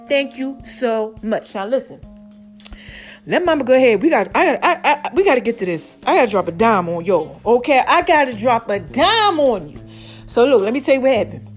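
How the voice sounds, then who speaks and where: A middle-aged woman hosting her own podcast, talking to listeners in an animated, chatty way. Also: high-pitched. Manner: animated, chatty, calls listeners y'all and baby. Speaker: podcast host. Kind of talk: casual podcast monologue.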